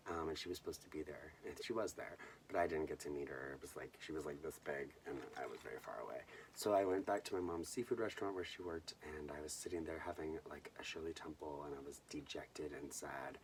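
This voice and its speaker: A young man from Southern California hosting a bedtime movie vlog, telling a personal story in a soft, hushed way that often drops to a whisper. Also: extremely low pitch, distant mic, slight background noise. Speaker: host.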